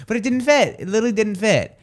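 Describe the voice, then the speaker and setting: A man's voice: high voice, sing-song, a little fast. A man co-hosting a live radio talk show, telling stories in a rambling, chatty way full of fillers and restarts. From New Jersey. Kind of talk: casual chat.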